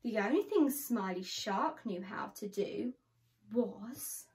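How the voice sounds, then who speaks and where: A woman reading a picture book aloud to children, slow and expressive with a sing-song lilt. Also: mid-range voice. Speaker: children's storyteller.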